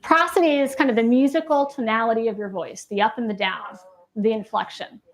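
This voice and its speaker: A woman's voice: fairly high pitch, a little fast. A woman clinician giving a live lecture, talking casually and checking in with the audience with frequent questions. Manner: conversational, asks the audience questions, tags points with "right?". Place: lecture room on a university campus.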